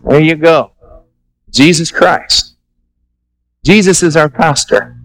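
A man pastor preaching a Sunday sermon, animated, acting out little dialogues and repeating himself for emphasis. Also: on the high side, takes it slowly, soft background music, low-quality recording. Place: church sanctuary.

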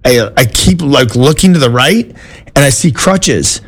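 A male talk show host telling a story in a casual, animated way, full of "dude" and "like" and quick restarts. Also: mid-range voice. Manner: animated and excitable, lots of "dude" and "like", frequent restarts.

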